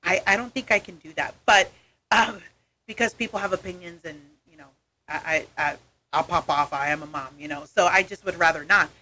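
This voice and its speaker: Bright-voiced woman telling stories. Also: lowish voice, a little fast. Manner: animated storyteller, acts out voices. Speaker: comedian guest. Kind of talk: casual interview chat. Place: radio studio.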